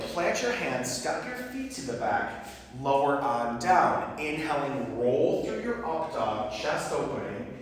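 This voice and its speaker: Male yoga instructor, higher voice, recorded from a distance in a reverberant studio with faint background noise. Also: a bit bright. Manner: cueing poses in rhythm with the breath. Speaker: yoga teacher. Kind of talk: live yoga class instruction. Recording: echoey studio with long reverb, mic far off.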